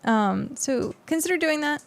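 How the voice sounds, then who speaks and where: A woman's voice: high-pitched, lively intonation, unhurried, gravelly. A young adult woman streamer chatting casually with her viewers on a close mic, rambling with lots of fillers. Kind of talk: casual livestream chat with viewers.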